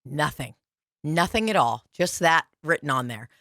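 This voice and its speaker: A woman co-hosting a podcast, telling a story in a brash, profane and animated way. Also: deep voice, normal speed, no echo, clean studio sound. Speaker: podcast co-host. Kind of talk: casual chat, storytelling.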